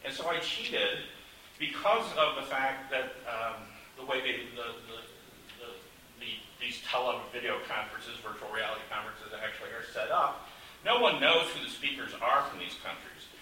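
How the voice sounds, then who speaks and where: A man's voice: mid-range voice, lively intonation, normal speed, pushed and bright. Man in an echoey room, far off. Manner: rambling, self-deprecating, many restarts. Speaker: author. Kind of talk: casual panel chat. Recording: echoey room, distant mic, faint hiss.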